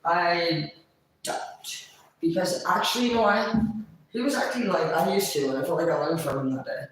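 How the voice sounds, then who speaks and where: A man's voice: on the high side, normal speed, fairly bright tone, distant mic, slight background noise. A man telling a rambling, profane story about an ex, acting out the other voices. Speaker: vlogger. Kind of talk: casual storytelling. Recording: very echoey room, away from mic.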